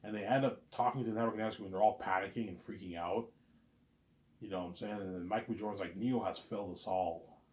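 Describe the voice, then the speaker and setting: A man with a lowish voice tells a long story off the cuff, rambling from one scene to the next. He stumbles and repeats himself, tagging his sentences with the same filler again and again. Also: steady tone, fast talker, darkish tone. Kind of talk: casual spoken storytelling.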